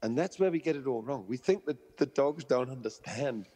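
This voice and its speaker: Man, dog trainer guest, story-driven explanations, acts out quotes, middle pitch, reverberant recording. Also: animated, moderate pace, warm tone, husky. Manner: explains through stories and analogies, acting out quoted voices. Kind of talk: interview conversation.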